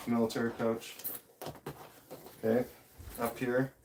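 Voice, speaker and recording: A man's voice: mid-range voice, completely flat delivery, slow, a little mellow, a little hiss or hum. A man ranting in a vlog, blunt and profane, rambling and restarting his sentences. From Canada. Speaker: vlogger.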